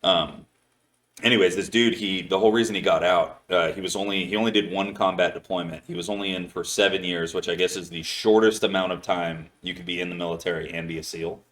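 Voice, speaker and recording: Hosting a podcast, a man rambles through a lengthy story in relaxed conversation, cursing constantly and leaning on "like" as filler. His low voice is fairly bright, fairly quick and mostly even in intonation.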